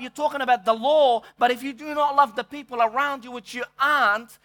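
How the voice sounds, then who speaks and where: High, bright-voiced male preacher. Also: steady tone, fairly quick, hardly any pauses. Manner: emphatic preaching, repeats words when searching. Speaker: pastor. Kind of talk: sermon.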